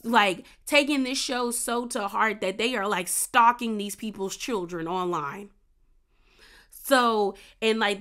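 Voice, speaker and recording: A woman's voice: a little high, a bit bright. A young woman casually recapping a reality show, chatty and opinionated, acting out bits of what people said.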